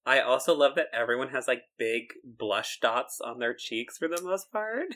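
A man's voice: mid-range voice, lively intonation, moderate pace, sharp tone. A man co-hosting a podcast, chatting casually about a cartoon and laughing often. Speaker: podcast co-host. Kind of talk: casual chat reviewing a cartoon.

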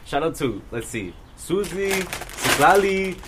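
Young man, podcast chat, lively pitch, profane storyteller, faint noise. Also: measured pace. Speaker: podcast host. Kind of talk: casual chat.

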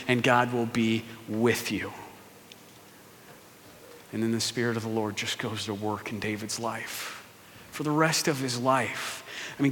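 A man preaching a sermon, retelling a story with lively asides and playful voices for its characters. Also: mid-range voice, a little hiss or hum. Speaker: pastor. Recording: long hall reverb.

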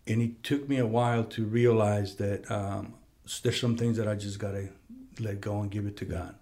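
A man's voice: on the low side, normal speed. Storytelling man in a conference room. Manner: storytelling, animated when quoting people. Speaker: podcast host. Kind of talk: casual conversation. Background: heater running.

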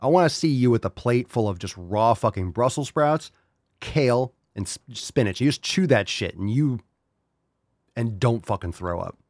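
A man's voice: medium pitch, animated, moderate pace, darkish tone, no room sound, clean studio sound. A man hosting a podcast, ranting and swearing in a worked-up, comic way. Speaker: podcast host. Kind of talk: ranting comedic podcast talk.

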